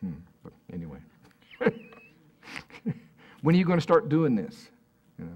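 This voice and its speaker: A man preaching to a congregation in a loose, conversational way. He talks at a mid-range pitch and keeps turning to the room with questions. It is recorded at a live church service. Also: very animated, unhurried, slightly rough, muffled recording. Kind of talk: sermon.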